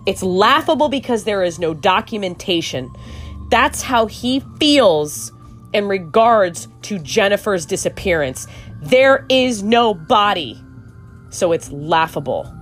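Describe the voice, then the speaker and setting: A woman hosting a true crime podcast, giving outspoken, rambling commentary with swearing and many restarts. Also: medium pitch. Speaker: podcast host.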